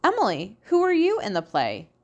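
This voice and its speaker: Woman voicing a young schoolboy, curious, puzzled, raised pitch, storybook. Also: wildly swooping pitch, normal speed, muffled recording, full character voice. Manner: puzzled, questioning.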